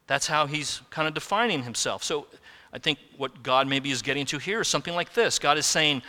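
A man preaching a sermon in earnest, building to emphatic peaks and then dropping low and slow. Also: bright, forceful tone, big-room sound. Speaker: pastor.

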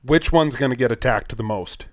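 A man's voice: mid-range voice, moderate pace, no echo, clean studio sound. A man co-hosting a fishing podcast, talking casually and making his point with hypotheticals and repeated lists. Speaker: podcast co-host. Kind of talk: casual chat.

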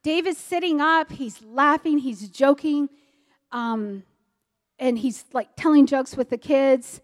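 A woman's voice: sits high, slow pace, big-room sound. A woman from the United States in her forties, sharing a personal testimony in an earnest, vivid storytelling way. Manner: earnest, vivid retelling that acts out dialogue. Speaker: speaker giving a personal testimony.

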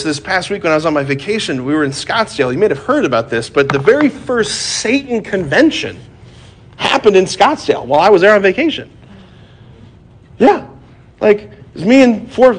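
Casual, slightly high-voiced male preacher. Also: slightly rough. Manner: conversational, peppered with "like" and "right?"; joking asides, lively then hushed and grave. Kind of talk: sermon.

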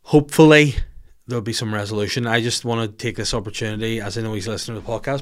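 A man's voice: fairly low pitch, quick pace. A man hosting a casual podcast, answering listener questions in a blunt, jokey, profane way. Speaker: podcast host.

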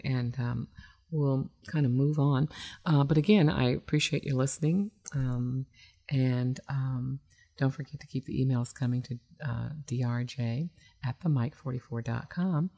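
Woman doing radio relationship advice, gravelly voice, talks emphatic and chatty with lots of ums. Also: a bass voice, a little mellow. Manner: conversational, emphatic, frequent fillers. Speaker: relationship expert radio host. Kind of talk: internet radio advice talk.

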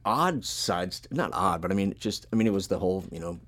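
Guy with a real low voice rambling thru band stories, swears a lot, laid back. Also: animated, fairly quick, a bit bright. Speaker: podcast host and punk musician. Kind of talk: casual chat.

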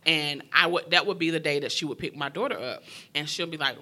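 A young woman recounting her own story in a frank, emotional conversation. Her voice is very bright and sharp. She speaks in quick, heartfelt bursts. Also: low-pitched, lively intonation. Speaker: guest sharing her story. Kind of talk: candid personal storytelling.

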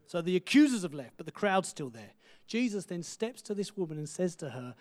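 A man preaching a sermon, telling stories with lively energy, dropping to a hush for quoted words and often asking "right?". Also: high voice, brisk. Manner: animated storytelling, asks the audience "right?".

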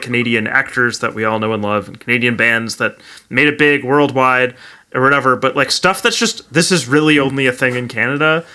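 A man from the Detroit area co-hosting a podcast, with a very bright, sharp voice. He rambles in a casual way, packing his talk with fillers. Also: mid-range voice. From Detroit area, USA. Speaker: podcast co-host.

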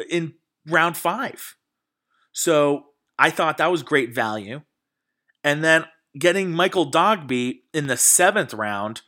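A man's voice: a little high, pushed and bright. A man hosting a podcast, giving casual, enthusiastic sports commentary with frequent fillers and restarts. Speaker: podcast host.

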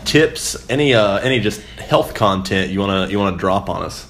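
Lively young man bantering, faint hum. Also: fairly low pitch, moderate pace. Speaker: podcast co-host. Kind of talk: casual podcast chat.

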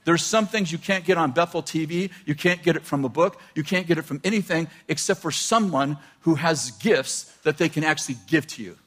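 An older man preaching a sermon, animated and laughing often as he quotes scripture. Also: on the high side, fairly quick, hardly any pauses. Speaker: pastor.

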